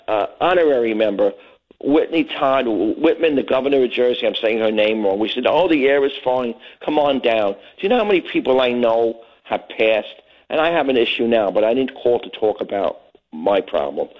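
Rambling older caller on a muffled line. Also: male voice, medium pitch. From Brooklyn, New York. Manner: rambling, earnest, stumbling over words. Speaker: radio show caller.

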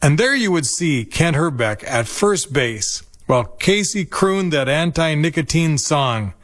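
Man in his fifties with a slightly high voice. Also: expressive, unhurried, a bit bright. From Minnesota. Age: 50s. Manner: nostalgic, reflective storytelling. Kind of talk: scripted personal narration.

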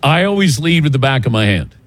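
A man hosting a sports talk show, a chatty, animated storyteller who chuckles often. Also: mid-range voice, brisk. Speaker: radio show host. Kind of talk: casual sports talk chat.

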